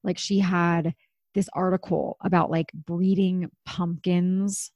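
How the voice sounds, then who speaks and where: A woman's voice: on the low side, steady tone, slow pace, darkish tone, no room sound, muffled recording. A woman in her thirties hosting a podcast, talking candidly and chattily, swearing now and then. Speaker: podcast host. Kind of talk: casual chat.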